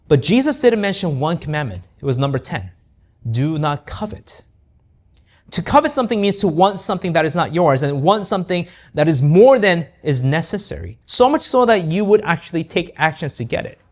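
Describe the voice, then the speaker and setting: A man preaching a sermon, earnest and conversational, often asking rhetorical questions and adding "right?". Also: on the high side. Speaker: pastor.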